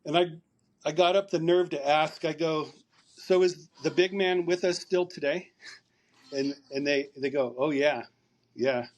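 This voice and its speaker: A man's voice: fairly high pitch, measured pace. A man, a podcast guest, telling a long story over a remote call, rambling and repeating words as he recounts conversations.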